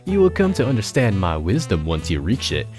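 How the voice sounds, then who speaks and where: A man's voice: lowish voice, huge pitch swings, fairly quick, music in the background. A man voicing a smug, grandiose male dinosaur shopkeeper who talks in a pompous, archaic way.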